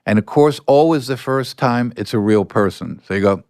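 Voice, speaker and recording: An older man, a podcast guest, telling anecdotes in a relaxed way and acting out bits of dialogue. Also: mid-range voice, normal speed, few pauses, clean tone, no echo, studio quality. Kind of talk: storytelling in a podcast interview.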